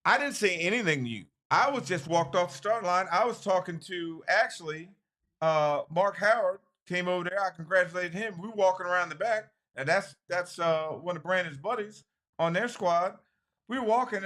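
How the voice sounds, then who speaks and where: A man on a racing talk show telling his side of an argument in profane, animated casual chat. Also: high voice, normal speed. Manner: animated, profane, talks over others.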